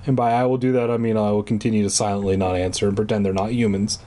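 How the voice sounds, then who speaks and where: A man's voice: lowish voice, fairly even intonation, fast, warm tone. A young man reads a children's book aloud for laughs, breaking off into sarcastic, mocking asides. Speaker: reader and commentator. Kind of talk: comic reading of a children's book with commentary.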